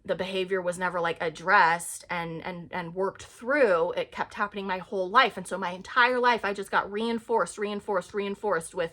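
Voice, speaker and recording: A woman's voice: medium pitch, steady tone, normal speed, few pauses, fairly bright tone. Earnest woman vlogging casually. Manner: earnest, rambling, many fillers. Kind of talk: casual self-help talk to camera.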